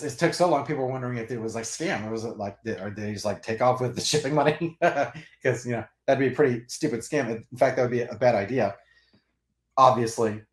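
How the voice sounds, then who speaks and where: Male comics host, mid-pitched, chatty and rambling, roomy recording. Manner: animated and rambling, with restarts and laughs. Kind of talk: casual storytelling. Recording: roomy echo.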